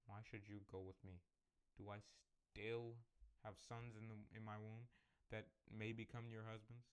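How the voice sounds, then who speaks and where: A man's voice: fairly low pitch, flat delivery, normal speed, smooth, natural voice. A man voicing a grieving older widowed woman, mournful and insistent as he reads her words.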